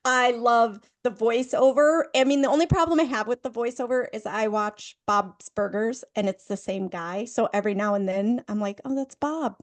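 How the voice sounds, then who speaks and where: A woman's voice: fairly high pitch, moderate pace, few pauses. A middle-aged woman co-hosting a casual movie review chat, bubbly and gushing. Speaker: podcast co-host.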